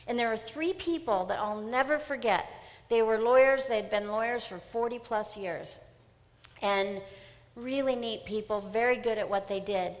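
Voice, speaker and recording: A middle-aged woman giving an emphatic, animated motivational seminar talk. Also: fairly high pitch, moderate pace. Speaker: seminar speaker. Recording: long hall reverb.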